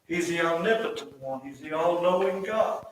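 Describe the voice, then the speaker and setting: A man in later life, preaching a folksy sermon that swells into loud, emphatic repetition. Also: on the high side, expressive, moderate pace, slight background noise. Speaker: pastor. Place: church sanctuary. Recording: echoey church hall, mic at a distance.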